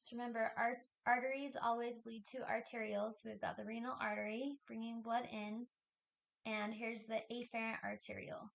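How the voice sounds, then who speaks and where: A woman's voice: fairly high pitch, little pitch movement, moderate pace, vocal fry. A woman instructor giving a recorded lecture, talking through a diagram step by step in a plain, explanatory way.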